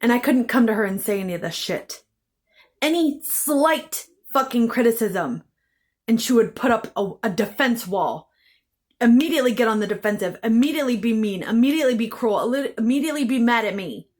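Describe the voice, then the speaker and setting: Woman vlogger, fairly high voice, raw and heated personal storytelling with heavy swearing. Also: lively intonation, a little fast. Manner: intense, bitter, heavy swearing; repeats phrases for emphasis.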